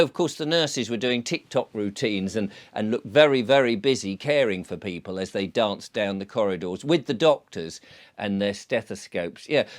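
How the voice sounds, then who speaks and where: Animated, sarcastic storyteller, a man. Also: medium pitch. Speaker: channel host. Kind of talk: casual monologue.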